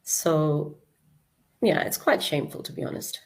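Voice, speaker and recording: A woman giving thoughtful, hesitant commentary with many pauses and fillers. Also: deep voice, gravelly.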